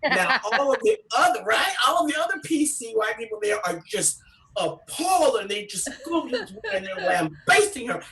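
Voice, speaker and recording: A woman telling stand-up stories from California, animated and acting out voices with big pitch jumps. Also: brisk, distant mic, crowd noise, rough recording. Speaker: comedian. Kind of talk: stand-up storytelling.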